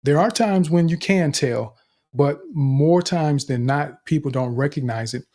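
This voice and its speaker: A man's voice: fairly high pitch, a little slow, darkish tone. A man hosting an online speaking group, giving upbeat feedback and numbered tips. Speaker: host and speaking coach. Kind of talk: group coaching session.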